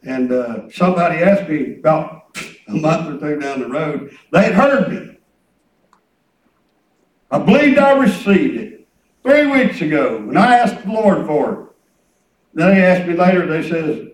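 A man's voice: fairly high pitch, expressive, unhurried, long pauses, reverberant, distant mic, rough recording. A man preaching a sermon in a folksy storytelling way, acting out conversations. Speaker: pastor. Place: church hall.

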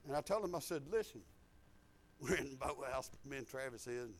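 A man, preaching a sermon in a folksy storytelling way that swings from low asides to loud emphatic lines. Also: expressive, normal speed. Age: 50s. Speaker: pastor.

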